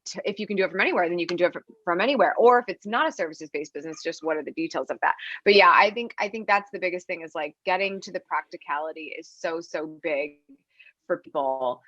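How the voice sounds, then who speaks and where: A woman's voice: on the low side, fairly bright tone, dry recording, dull audio. A woman hosting a podcast interview, talking in a chatty, rambling way with fillers and restarts. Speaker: podcast host. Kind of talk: casual interview chat.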